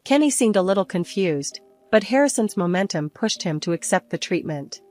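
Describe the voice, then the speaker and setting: An older woman calmly narrating a story in the first person. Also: mid-range voice, moderate pace, soft background music. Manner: calm, even storytelling. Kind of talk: scripted narration.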